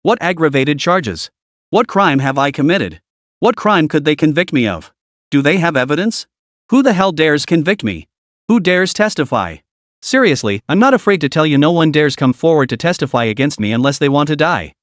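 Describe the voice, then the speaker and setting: A man's voice: fairly high pitch, sing-song, moderate pace, no room sound, clean studio sound. A man voicing an arrogant young male gangster who sneers and threatens. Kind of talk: audiobook character voice.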